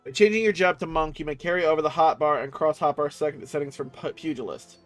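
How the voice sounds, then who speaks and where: Young guy streaming a game, profane, jokey, fairly high voice, faint music behind. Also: fast talker, a bit bright, no room sound. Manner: profane, joking, often laughing, reads game text aloud. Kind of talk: casual gaming livestream commentary.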